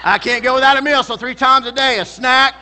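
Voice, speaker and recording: A man's voice: extremely high pitch, steady tone, brisk, sharp tone. A male pastor preaching a sermon in a church, emphatic and calling out to the congregation for responses.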